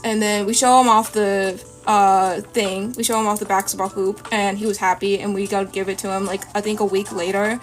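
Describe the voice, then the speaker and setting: A woman's voice: mid-range voice, fairly bright tone, poor audio. A young woman streamer chatting casually while she draws, rambling through a story and acting out the voices of the people in it. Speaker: art streamer. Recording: faint lofi music behind. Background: faint lofi music.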